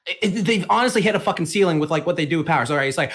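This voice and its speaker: A man co-hosting a podcast in casual chat, ranting heatedly and swearing a lot while retelling a story with quick quoted voices. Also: high voice. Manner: fast, animated storytelling with quick put-on quotes. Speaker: podcast co-host.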